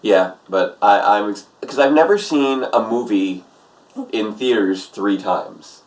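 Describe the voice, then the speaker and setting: A man's voice: on the low side, a little slow, darkish tone. A young man co-hosting a casual chat, rambling with many fillers and restarts. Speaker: co-host.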